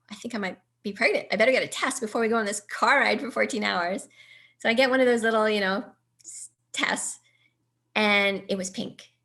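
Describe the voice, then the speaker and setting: A middle-aged woman giving a personal storytelling talk, acting out quoted dialogue with lively jumps in her voice. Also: gravelly. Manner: animated, acts out quoted dialogue with pitch jumps. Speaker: speaker.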